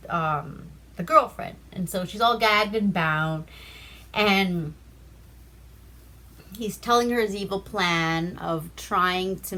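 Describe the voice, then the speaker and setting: Alaska woman rambling thru a movie recap, slow and easy, bright voice, swears a lot. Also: mid-range voice. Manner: loose, chatty retelling with profanity and fillers. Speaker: movie reviewer.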